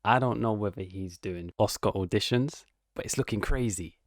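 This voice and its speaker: A man with a lowish voice reacts to clips in a casual, slangy way, sounding openly incredulous and mocking. He is recorded on a close mic in a dead-dry space with no room sound. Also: normal speed, dry recording. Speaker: online commentator.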